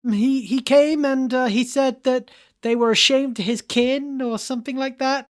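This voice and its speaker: A woman's voice: high-pitched, fairly even intonation, moderate pace, voice pushed up, lightly acted. A woman voicing a flustered young male adventurer who rambles hesitantly.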